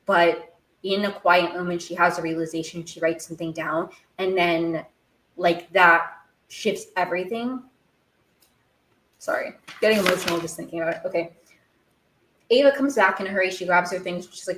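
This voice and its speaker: Young woman podcaster, slightly low voice, effusive and rambling, echoey room. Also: a bit bright. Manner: gushing, rambling, many "like"s and restarts. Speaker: podcast host. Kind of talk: casual recap chat.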